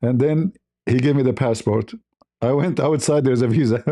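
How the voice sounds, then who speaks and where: Dark-voiced man telling a laughing anecdote. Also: mid-range voice, moderate pace. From Middle East. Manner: animated, laughing often, acts out dialogue; speaks English as a learned language, simple phrasing. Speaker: live-stream host. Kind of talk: casual storytelling.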